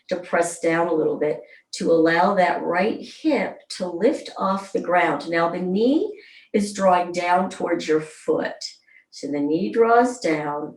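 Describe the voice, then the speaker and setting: Slow, low-voiced woman guiding gentle stretches. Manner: slow, soothing, counts aloud. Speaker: somatic movement instructor. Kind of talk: guided exercise class. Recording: roomy sound, mic at a distance.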